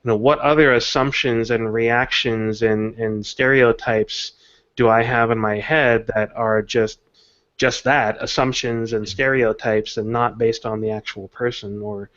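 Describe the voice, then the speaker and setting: A man's voice: mid-range voice, fairly even intonation, unhurried, a bit bright. A man co-hosting a casual podcast, telling stories in a thoughtful, easygoing way. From Texas. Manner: thoughtful, storytelling. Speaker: podcast co-host. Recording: dull lo-fi audio.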